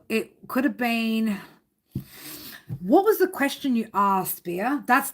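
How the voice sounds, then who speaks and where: A woman reading tarot on a live stream, chatting casually with viewers, rambling, swearing a lot and laughing often. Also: fairly high pitch. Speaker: tarot reader.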